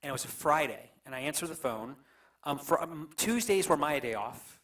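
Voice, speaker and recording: Halting, emotional male pastor, distant mic. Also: fairly high pitch, lively intonation, fairly bright tone. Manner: halting, emotional, many restarts. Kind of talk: storytelling on a panel. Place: church.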